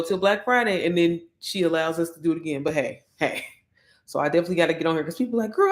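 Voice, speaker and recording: Woman, chatty live-stream host, lower voice, roomy echo, phone mic. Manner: chatty, greets viewers by name, laughs often. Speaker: livestream host. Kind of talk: casual chat to a live audience.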